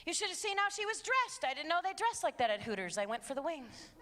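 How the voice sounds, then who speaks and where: Bright-voiced woman lecturing in a reverberant hall. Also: sits high, very animated, fast. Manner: emphatic, blunt, joking. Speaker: speaker and counselor. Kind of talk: live talk to students and parents. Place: large hall with an audience.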